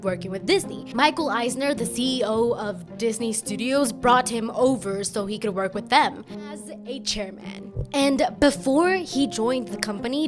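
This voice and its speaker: A chatty woman with a slightly high voice gives rambling, casual video commentary. She drifts off on tangents and pokes fun at herself. Music plays clearly under her voice. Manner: chatty, rambling, self-deprecating. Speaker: YouTube commentator. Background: background music.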